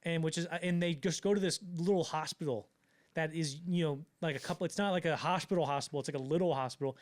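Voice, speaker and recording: Podcast co-host, man, fast and slightly high, animated storyteller who acts out the quotes. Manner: fast, loose, lots of fillers. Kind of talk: casual storytelling chat.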